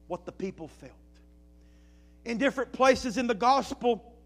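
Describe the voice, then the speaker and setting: A man delivers a sermon from the pulpit. He drops into soft, low-key storytelling, then slows right down to stress each word. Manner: preaching with rising and falling intensity, slow emphatic phrases. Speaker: pastor.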